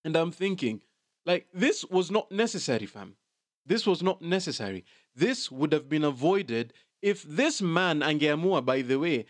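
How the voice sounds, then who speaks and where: A man's voice: on the high side, expressive, normal speed, no echo. Chatty man on celebrity gossip. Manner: chatty, mixes Swahili slang into English. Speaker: gossip commentator. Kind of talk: casual commentary vlog.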